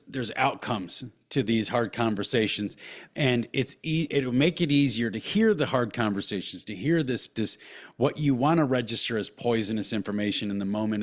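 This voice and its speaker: A man in his thirties co-hosting a podcast, talking casually and swearing a lot as he tells rambling, animated stories. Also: mid-range voice. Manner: profane, rambling, animated storytelling. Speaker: podcast co-host. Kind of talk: casual chat.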